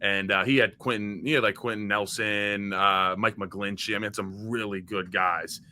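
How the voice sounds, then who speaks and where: A man's voice: on the low side, fairly even intonation, normal speed, bright, forceful tone. A young man from Maryland, a podcast guest and former college football player, talking in a loose, chatty way with lots of fillers and restarts. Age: young adult. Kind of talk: casual chat.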